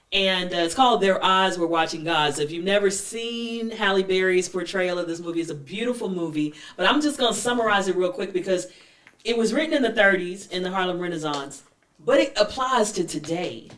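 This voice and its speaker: A woman hosting a talk show, telling a story with lively energy and acting out its characters, in a room with her guests. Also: fairly low pitch. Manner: animated storyteller, acts out characters. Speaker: host. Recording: echoey room, mic at a distance.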